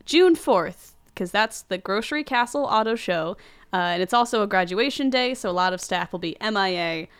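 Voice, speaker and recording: A woman with a smooth, clear voice walks through a film's plot on a casual podcast. She talks loosely, with fillers and little laughs, at a middling pitch. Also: lively intonation, normal speed. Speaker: podcast host. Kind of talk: casual movie podcast chat.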